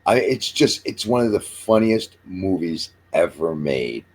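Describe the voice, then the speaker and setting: Husky man in his sixties chatting. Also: sits low, animated, unhurried. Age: 60s. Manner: rambling storyteller, jokey, swears casually. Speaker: podcast host. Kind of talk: casual chat.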